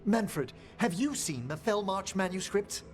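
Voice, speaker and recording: Soft music underscores a male actor with a high voice, voicing a polite, refined old scholar of death magic for a video game. His delivery is formal, measured and wistful, yet animated.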